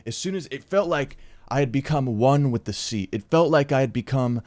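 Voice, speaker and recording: A man's voice: mid-range voice, normal speed, a little mellow, no room sound. A young man in his twenties telling a story in a casual vlog, rambling and laid-back, swearing often and calling people dude.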